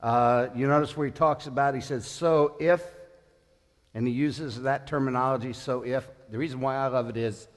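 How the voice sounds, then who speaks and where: A man's voice: medium pitch, steady tone, normal speed, big-room sound. A man in his sixties preaching a sermon as pastor, conversational, putting questions to the congregation. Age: 60s.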